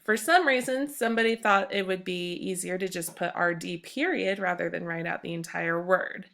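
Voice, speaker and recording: A woman's voice: fairly low pitch, moderate pace, gravelly, fairly bright tone. A young woman teacher giving an upbeat, emphatic recorded grammar lesson to her class. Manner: upbeat, emphatic classroom delivery, reads examples aloud.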